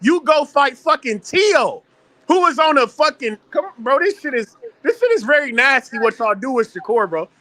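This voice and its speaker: A man with a strikingly high, bright, ringing voice rants in heated panel talk, swearing constantly and hammering every point with emphasis. His voice sits close and dry on the mic. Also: big pitch swings, normal speed, no echo. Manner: profane, ranting, emphatic.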